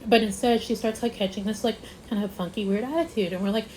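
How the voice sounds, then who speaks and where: A woman's voice: mid-range voice, steady tone, fast, a little mellow, slight background noise, low-quality recording. A young woman vlogger telling a casual storytime, rambling with lots of "like" and stressing her points. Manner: rambling, repeats herself, lots of "like".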